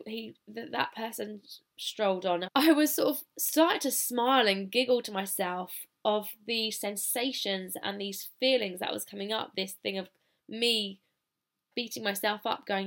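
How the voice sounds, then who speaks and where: A woman with a British accent talks through a personal story on her solo podcast, casual and self-deprecating. Her pitch sits in an ordinary middle range, and her phrasing is loose and conversational, with plenty of informal turns of phrase. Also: a little slow, a bit bright. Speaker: podcast host.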